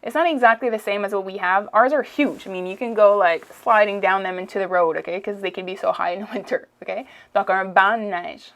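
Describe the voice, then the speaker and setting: A woman's voice: mid-range voice, brisk, few pauses. A woman with a Quebec French accent teaching French expressions in a casual lesson, repeating phrases and checking in with "okay?". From Quebec, Canada. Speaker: language teacher.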